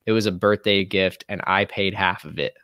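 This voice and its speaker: A man in his twenties, a guest musician, telling stories casually with animated, profane energy. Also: deep voice, normal speed, smooth, dry recording, clean studio sound. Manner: animated, profane, mimics people in quotes. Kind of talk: casual storytelling chat.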